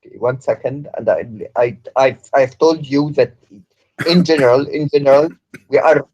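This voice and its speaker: A man defending his view in a heated religious debate, halting and asking for time to answer. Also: mid-range voice, a little mellow, dull audio. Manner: defensive, halting, asks for a second.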